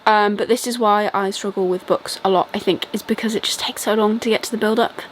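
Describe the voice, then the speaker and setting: A woman's voice: mid-range voice, steady tone, brisk, slight background noise, low-quality recording. A young British woman with a British accent chatting casually through a reading update, rambling with lots of ums and likes. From Britain. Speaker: book vlogger.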